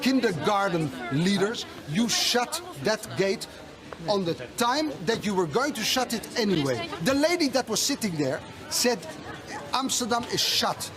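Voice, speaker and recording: A man's voice: sits high, big pitch swings, unhurried. A man, a stranded airline passenger at an airport terminal, arguing angrily and sarcastically with staff. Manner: angry, sarcastic, shouting. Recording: busy airport crowd behind.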